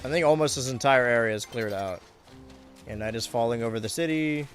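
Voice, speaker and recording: Young guy streaming a game, chatty and joking at himself, voice kinda worn, quiet music behind. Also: mid-range voice, brisk. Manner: chatty, self-mocking, animated outbursts. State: voice getting worn. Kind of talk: casual gameplay commentary.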